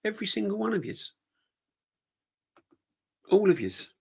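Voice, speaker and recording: A middle-aged man hosting a football fan stream, reading viewer comments and answering them in an animated, emphatic way, often repeating his points. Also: high-pitched, a little slow, vocal fry, husky. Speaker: football fan channel host.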